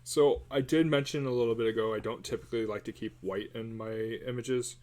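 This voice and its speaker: A man's voice: medium pitch, steady tone, brisk, darkish tone. A man chatting casually and rambling while drawing on a livestream, with a somewhat nasal voice, recorded on a cell phone. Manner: rambling, self-deprecating, hums and sings snatches while drawing. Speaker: artist streaming a drawing session.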